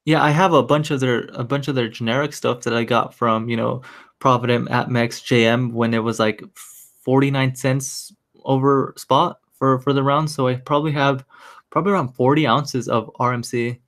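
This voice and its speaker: A man's voice: mid-range voice, fairly even intonation, normal speed, fairly bright tone. A man co-hosting a casual livestream, easygoing and a little hesitant, with frequent ums. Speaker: livestream co-host. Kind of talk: casual live chat.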